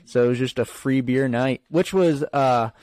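A man co-hosts a podcast, chatting casually about football in a rambling way, full of fillers and restarts. His voice is medium-pitched and a little mellow, at a normal speed, and the recording is dry.

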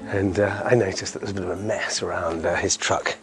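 A man's voice: deep voice, steady tone, a little fast, creaky, music in the background. A middle-aged man hosting a community podcast outdoors, walking a hillside road and chatting casually with frequent chuckles.

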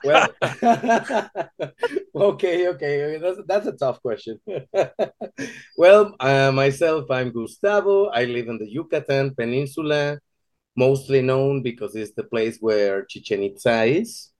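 A man from Mexico, chatting as a podcast guest, laughing often and pausing on fillers. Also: medium pitch, animated. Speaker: podcast guest, tour guide. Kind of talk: casual conversation.

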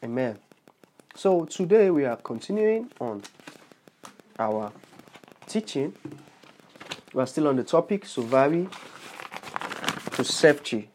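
A man's voice: fairly high pitch, sing-song, slow pace, pauses often, darkish tone, slight background noise. A man preaching on his podcast as a bishop, leading a prayer with earnest repetition and cries of praise. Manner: earnest, repeats phrases, exclaims praise. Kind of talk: podcast sermon with altar call.

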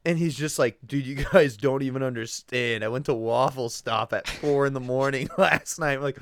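A man's voice: medium pitch, moderate pace, no room sound. Laid-back young man trading jokes. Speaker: podcast co-host. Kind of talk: casual storytelling chat.

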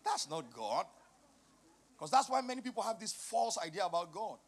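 A middle-aged male pastor preaching a sermon, passionate and emphatic, moving from quiet teaching to loud, shouted emphasis. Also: high-pitched, very animated, moderate pace, breathy edge.

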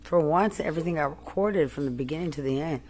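A woman in an angry personal rant, furious and accusing, repeating herself, cursing and often yelling. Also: low voice, quick pace.

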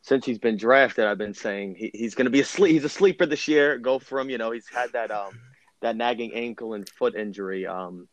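A man's voice: mid-range voice, a little fast, no echo. A young man appearing as a guest on a sports podcast, rambling and hesitant, full of fillers. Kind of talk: casual sports chat.

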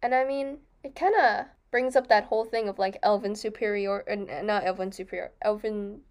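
A young woman co-hosting a casual book discussion, chatty and quick to laugh, often restarting and correcting herself. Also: mid-range voice, steady tone, darkish tone. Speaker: podcast co-host.

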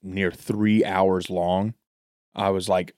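A man with a Southern American accent co-hosting a podcast in casual chat, loose and profane, joking around and now and then breaking into loud mock voices. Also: low-pitched, little pitch movement, takes it slowly, no echo, clean studio sound. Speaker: podcast co-host.

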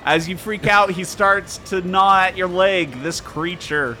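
A man running an improvised horror game as game master, narrating with teasing drama and sudden jumps in pitch. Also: measured pace, bright, forceful tone, faint music behind.

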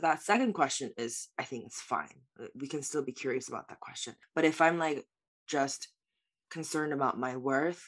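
A woman's voice: extremely low pitch, a bit bright. A woman speaking as a life coach guest in an interview, answering in an earnest, reflective way with many "like" fillers.

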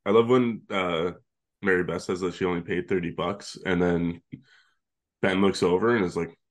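A man's voice: low-pitched, fairly even intonation, moderate pace. A man co-hosting a podcast in casual chat, recapping the plot at length with laughs and the odd swear word. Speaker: podcast co-host.

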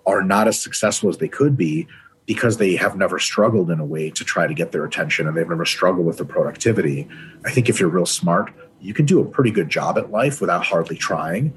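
Man, low voice, profane and emphatic, podcast guest, faint ambient noise. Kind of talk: casual podcast interview.

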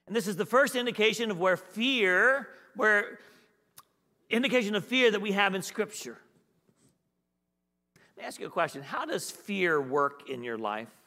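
High, bright-voiced male preacher in a reverberant hall. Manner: repeats key phrases for emphasis; conversational, asks the congregation questions. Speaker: guest pastor. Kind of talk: sermon.

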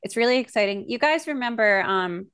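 A woman's voice: fairly high pitch, animated, brisk, fairly bright tone, clean tone, no room sound. A young woman co-hosting a podcast, chatting in a gushy, rambling way with plenty of fillers. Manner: chatty, gushing, lots of fillers. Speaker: podcast co-host. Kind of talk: casual chat.

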